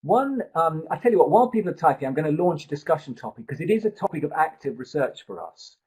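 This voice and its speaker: A man's voice: fairly high pitch, sing-song, quick pace, darkish tone, slightly rough, low-quality recording. A man tutoring a live online pronunciation seminar, explaining at length and thinking aloud with restarts, speaking into a computer mic.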